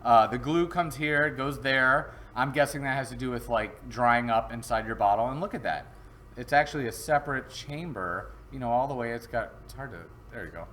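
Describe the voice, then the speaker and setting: A man's voice: mid-range voice, brisk, a bit bright, slight background noise. Rambling, joking man hosting a livestream. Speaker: host. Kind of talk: casual live-stream product review.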